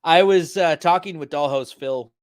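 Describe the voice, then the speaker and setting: A man's voice: a little high, moderate pace, dry recording. A Canadian man with a Canadian accent, chatting casually with dry, self-deprecating humor. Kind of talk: casual chat.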